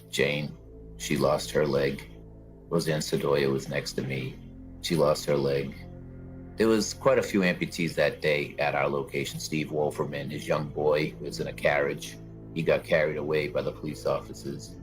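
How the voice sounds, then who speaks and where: A man telling his own story as an interview guest, in plain conversational storytelling. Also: a bass voice. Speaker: guest, bombing survivor. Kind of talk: personal account in an interview.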